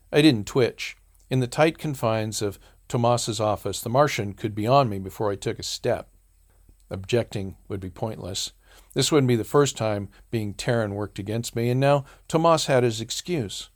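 A man reading a first-person story aloud as an audiobook narrator, in a measured, dry storytelling manner. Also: fairly low pitch.

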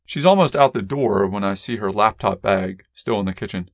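A man narrating a first-person story as an audiobook reader in a measured, wry, deadpan way. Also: lowish voice, dry recording, clean studio sound.

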